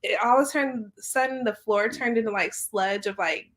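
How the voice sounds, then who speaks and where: A young woman co-hosting a podcast, casually retelling a book's plot and acting out its characters in quick bursts. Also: on the high side, a bit bright. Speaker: podcast co-host. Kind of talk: casual book discussion.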